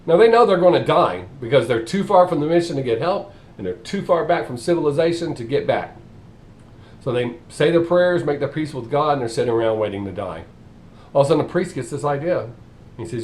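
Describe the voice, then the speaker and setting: A man tells crude jokes in a casual, animated manner, his voice lively and a little high for a man. He laughs along with his own punchlines. A faint low rumble sits under the recording. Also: fairly quick. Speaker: comedian. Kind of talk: casual joke telling.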